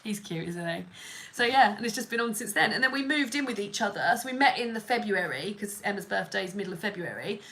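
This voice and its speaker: A woman's voice: mid-range voice, lively intonation, fast, sharp tone, slight background noise. A young woman telling a story to a live audience in a rambling, chatty way, full of fillers and restarts. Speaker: livestream host.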